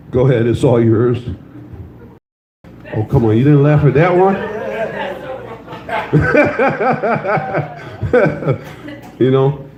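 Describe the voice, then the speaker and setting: Pitched on the high side, this older comic works through a crude, loose routine of stories and audience teasing at a comedy club. There's slight background noise, and the roomy live recording sounds a bit dull.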